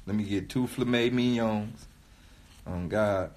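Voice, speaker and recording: Talking into his phone while livestreaming, this rapper delivers an emphatic rant to followers, full of swearing and repeated lines. His fairly low voice is a little slow and a little mellow.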